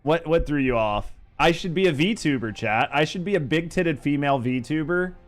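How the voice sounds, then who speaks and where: Young male game streamer, smooth and clear, crude joking banter with chat. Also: a little high, animated, normal speed, soft background music. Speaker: streamer and gaming host. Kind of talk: casual live-stream chat.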